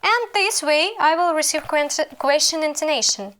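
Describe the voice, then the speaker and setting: A woman with a Ukrainian accent, a native Ukrainian speaker, teaching an online language lesson with slow, careful explanations and drawn-out example phrases. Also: high-pitched, a bit bright.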